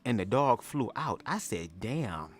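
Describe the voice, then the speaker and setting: A man's voice: a little slow, faint music behind. Sassy, profane man hosting a livestream. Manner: animated, jumps into high-pitched impressions. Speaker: livestream host. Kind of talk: casual livestream reaction chat.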